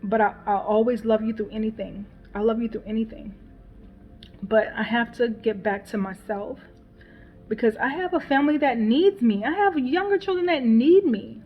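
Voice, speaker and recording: A mother vents on her personal vlog channel in a casual, emotional way, repeating herself, swearing, and laughing bitterly as she works through things. Her voice is a little high at a moderate pace, with faint music in the background and a dull lo-fi recording quality.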